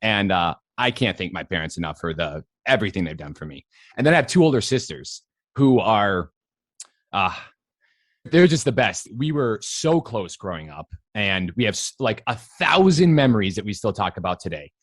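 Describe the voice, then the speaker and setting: A man's voice: lowish voice, sing-song, moderate pace, no room sound. A man in his thirties from Western Massachusetts, chatting animatedly as an interview guest, with lots of fillers and easy laughter. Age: 30s. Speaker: guest actor. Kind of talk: casual interview chat.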